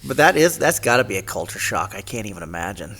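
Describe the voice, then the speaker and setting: A man hosting a casual chat, making quick joking asides. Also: lowish voice, big pitch swings, a bit bright, slight background noise.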